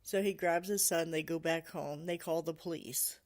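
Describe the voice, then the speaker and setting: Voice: mid-range voice, steady tone, moderate pace. A podcast host casually retelling a story, full of "you know" and "like," laughing now and then.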